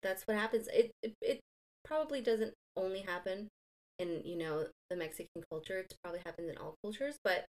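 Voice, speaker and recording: A woman's voice: mid-range voice, brisk. A woman in her thirties chatting casually as a podcast co-host, telling her own stories and backing up her partner with short agreements. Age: 30s. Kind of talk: casual chat.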